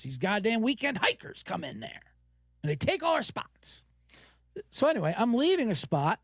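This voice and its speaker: A man hosting a podcast, telling stories in an animated, profane casual rant. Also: high voice, dry recording, studio quality. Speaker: podcast host.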